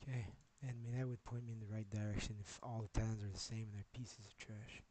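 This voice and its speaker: A man's voice: fairly low pitch, steady tone, fast talker, mellow. A man live-streaming, talking in a rambling way, swearing and jumping between topics as he goes.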